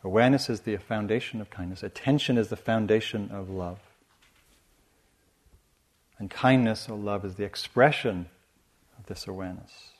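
A man giving a dharma talk as a meditation teacher, speaking softly and reflectively in a measured way. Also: mid-range voice. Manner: soft, measured and reflective, with frequent restarts.

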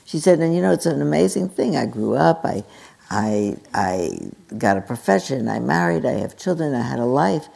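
A woman giving a gentle, halting dharma talk as a meditation teacher in a meditation hall, telling a story with many restarts. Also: very deep voice, big pitch swings, vocal fry.

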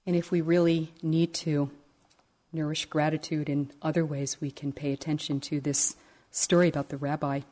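A woman meditation teacher gives a dharma talk in a gentle, reflective way, with stories woven in. Her voice is low and mellow. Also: flat delivery, normal speed.

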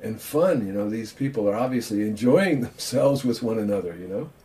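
A man's voice: lowish voice, expressive, brisk, mellow. An older man, a Zen teacher, giving an informal dharma talk over a video call in a chatty, self-mocking way.

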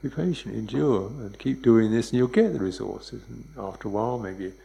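A man giving a dharma talk as a meditation teacher, speaking in a relaxed, conversational way and chuckling often. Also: lowish voice, moderate pace, gravelly, poor audio.

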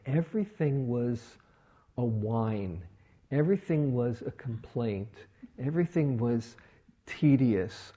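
A middle-aged man gives a meditation talk at a retreat, unhurried and mellow-toned. He tells stories in a relaxed way, slipping into the voices of the people in them. The recording is slightly dull and lo-fi. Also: medium pitch. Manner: relaxed storytelling with quoted voices. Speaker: meditation teacher. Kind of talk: dharma talk. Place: retreat hall.

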